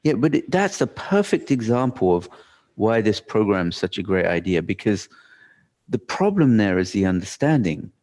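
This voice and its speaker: A man speaks to a room in a somewhat low voice, telling a story with animation. He acts out his own inner thoughts and often restarts his sentences as he goes. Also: sing-song, moderate pace, darkish tone. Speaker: workshop speaker. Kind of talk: live storytelling talk.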